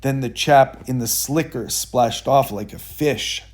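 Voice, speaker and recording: A man reading a rhyming children's story aloud in a rhythmic, expressive way. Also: medium pitch, measured pace.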